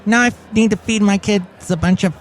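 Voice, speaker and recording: A man's voice: sits high, steady tone, a little fast, pitched above the performer's own voice, close to an everyday voice. A man voicing a perky woman from a TV ad, bubbly and chirpy. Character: perky female TV-ad mom.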